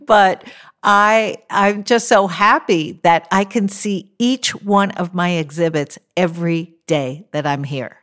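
A woman's voice: fairly low pitch, a bit bright. A woman hosting a podcast, talking in an upbeat, chatty way and drawing out her phrases. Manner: upbeat, conversational, slow and drawn out on phrases. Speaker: podcast host. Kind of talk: casual chatty monologue. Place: rented house.

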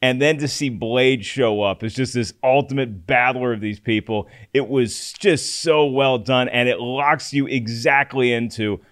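A man's voice: medium pitch, measured pace, hardly any pauses, fairly bright tone. A man hosting a movie podcast, making his points in an analytical, emphatic way. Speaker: podcast host. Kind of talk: movie review discussion.

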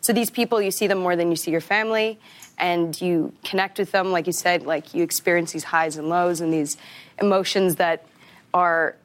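A woman with a lowish voice, chatting as an interview guest. She talks loosely with plenty of fillers and laughs often between thoughts. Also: steady tone, moderate pace. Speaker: actor guest. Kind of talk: casual interview chat.

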